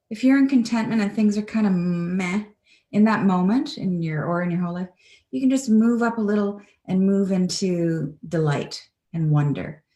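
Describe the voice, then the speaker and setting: A woman's voice: medium pitch, warm tone, echoey room. A Canadian woman speaking earnestly and reflectively as an interview guest over a video call.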